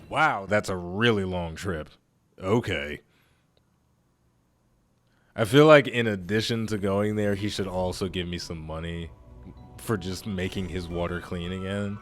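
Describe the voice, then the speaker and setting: Man, very deep voice, let's play host, chatty, rambling, restarts his sentences. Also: measured pace, long pauses. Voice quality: naturally deep voice. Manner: chatty, rambling, self-correcting. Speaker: gaming channel host.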